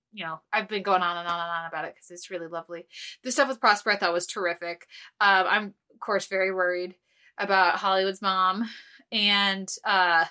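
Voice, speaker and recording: With a sharp yet clean tone in her mid-range voice, a woman co-hosts a podcast in relaxed chat. She rambles earnestly, is easily moved, and leans on lots of fillers and restarts.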